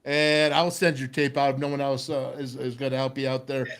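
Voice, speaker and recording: A middle-aged man hosting a sports talk show, telling a lively football story and acting out voices. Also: medium pitch, fairly quick, clear, resonant tone. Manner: animated storyteller, acts out voices, laughs often. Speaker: radio show host, former football player.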